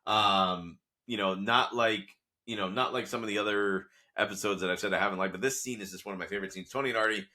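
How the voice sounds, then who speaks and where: A man with an Italian-American background hosts a podcast, loosely recapping scenes from a TV series with lots of asides in a casual, conversational way. His lowish voice is pushed and bright, with fairly even intonation, a quick pace and few pauses.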